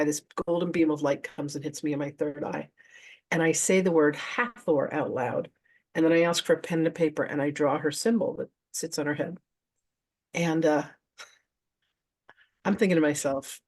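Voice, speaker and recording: This spiritual teacher and trance channel has a low, darkish voice and talks a little fast. Chatting casually before a live audience, she tells a personal story and acts out how she reacted back then.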